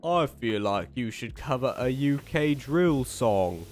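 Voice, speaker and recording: A man's voice: mid-range voice, lively intonation, takes it slowly, soft background music. A young man streaming live, reading viewer messages aloud and thanking them in a playful, joking way. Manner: playful, joking, laughs often. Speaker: livestreamer. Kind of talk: casual live-stream chat.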